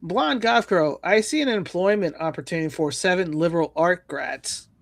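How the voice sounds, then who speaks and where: A man's voice: high voice, moderate pace, dry recording. A man hosting a livestream, reading viewer comments and news aloud with sarcastic jokes. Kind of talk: casual news roast chat.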